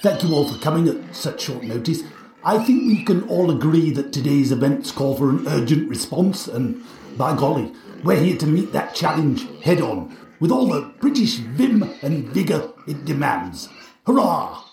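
Guy doing a posh blustery prime minister, um-ing and uh-ing, lively up-and-down voice, gravelly, roomy and far off. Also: on the high side, moderate pace. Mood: blustering. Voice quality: posh bluster with stammering fillers. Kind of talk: satirical sketch. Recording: roomy, distant, faint noise.

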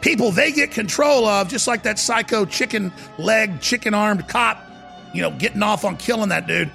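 Male talk host, gravelly husky voice, high and wildly swooping pitch, heated shouting rants. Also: normal speed, soft background music. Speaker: radio talk show host. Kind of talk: ranting political talk.

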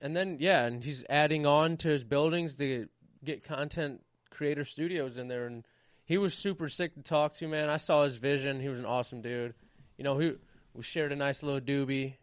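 A young man co-hosting a podcast, talking in a relaxed, slangy, casual way. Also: a little high, normal speed, no room sound, studio quality. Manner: laid-back slangy talk. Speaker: podcast co-host.

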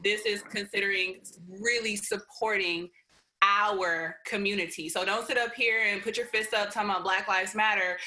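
A woman's voice: mid-range voice, steady tone, moderate pace, bright, forceful tone, rough recording. A woman guest on a podcast, talking passionately and urging listeners like a preacher. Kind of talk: casual podcast chat.

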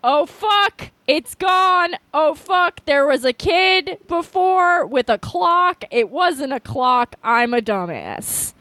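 A woman's voice: sits high, expressive, takes it slowly, few pauses, sharp tone, no room sound, voice pushed up, heavily acted. A woman putting on the voice of a cocky young male alien warrior, blustering and swearing at himself. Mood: smug, annoyed. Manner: blustering, then self-scolding.

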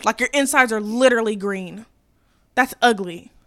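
A young woman hosting a podcast, ranting in a blunt, profane, sassy casual chat that swings between loud and quiet. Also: a little high, normal speed. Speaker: podcast host.

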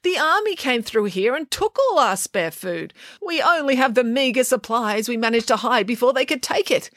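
Casting: a woman as a guarded, stingy villager, raised pitch, dry close sound. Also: lively intonation, normal speed, a bit bright, no echo. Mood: grudging. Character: wary, stingy village householder.

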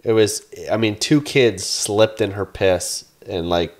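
A man in his thirties, a podcast co-host, telling an animated story in casual chat, swearing and acting out his own yelling. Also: fairly low pitch, takes it slowly.

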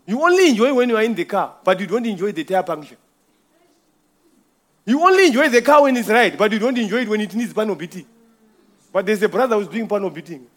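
A middle-aged man preaching a sermon, telling a personal story with repeated words, swinging from loud bursts to hushed asides. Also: high voice, animated, quick pace, long pauses.

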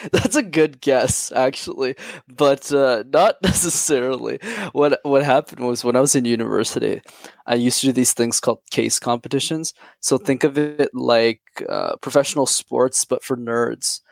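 A man from Montreal with a light Quebec accent, a guest on an interview who talks in a friendly, quick way. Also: mid-range voice, vocal fry, no echo. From Canada, Montreal. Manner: friendly, quick, with laughs and restarts. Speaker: guest, YouTube channel host. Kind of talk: casual interview chat.

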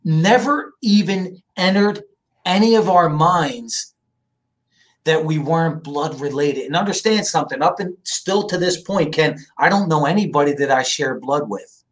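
A middle-aged man from the Philadelphia area, a guest in an interview, telling family stories in a lively, casual way and often checking in with "right?". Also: a little high, measured pace. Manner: animated storyteller, asks "right?" often. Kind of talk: casual storytelling.

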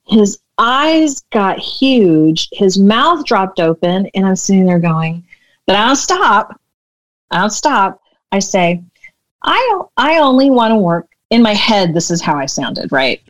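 A woman business coach telling a story in a podcast interview, animated and acting out the dialogue. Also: medium pitch, slow pace, no room sound, highs cut off.

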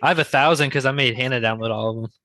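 A man's voice: mid-range voice, racing, bright, forceful tone. Easygoing male podcast regular. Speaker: podcast co-host and quiz contestant. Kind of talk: casual podcast chat.

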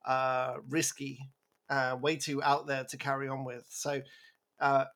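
A man co-hosting a podcast in casual chat, animated and rambling, laughing as he talks. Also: mid-range voice, unhurried. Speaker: podcast co-host.

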